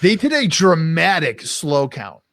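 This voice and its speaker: Podcast co-host, man, slightly higher voice, ranting and profane, dry close sound. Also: sing-song, measured pace, fairly bright tone, no echo. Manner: ranting, swears often, acts out quoted voices. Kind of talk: casual wrestling review chat.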